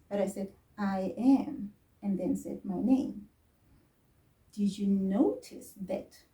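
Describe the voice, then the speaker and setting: A woman teaching a children's language lesson, speaking slowly and carefully and repeating words for the child to echo. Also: mid-range voice, dark tone, recorded from a distance.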